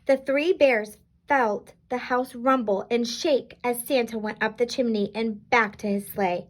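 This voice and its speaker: A woman reading a children's storybook aloud in an expressive, animated way. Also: on the high side, unhurried.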